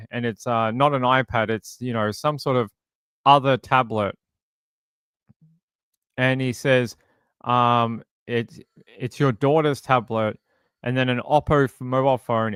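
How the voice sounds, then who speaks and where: A man's voice: medium pitch, a bit bright, smooth, no room sound, clean studio sound. A man hosting a true crime channel, reading a police interview transcript aloud in a plain way, with fillers and restarts.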